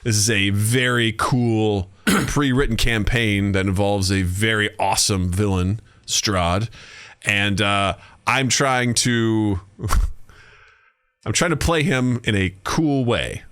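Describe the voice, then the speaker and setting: A man's voice: fairly low pitch, slow, a bit bright, clean tone. A man co-hosting a podcast in casual chat, rambling with frequent fillers and laughter. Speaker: podcast co-host.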